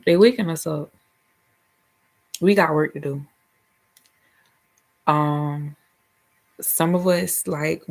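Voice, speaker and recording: A woman's voice: sits low, vocal fry. A woman with a Southern US accent chatting casually and profanely about her spiritual life, laughing and slipping into silly voices. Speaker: vlogger and spiritual healer. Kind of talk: casual chat.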